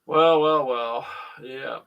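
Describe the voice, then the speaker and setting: Joking male host, gravelly, somewhat off-mic. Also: mid-range voice, takes it slowly, far from the mic, muffled recording. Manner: joking, teasing banter. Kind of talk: casual chat.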